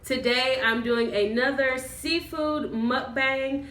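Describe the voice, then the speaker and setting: A woman vlogger chatting casually with her cousin while eating, telling stories in a relaxed way. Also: mid-range voice, measured pace, noisy background. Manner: chatty, storytelling, laughs easily. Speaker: mukbang vlogger. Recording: roomy, mic far off.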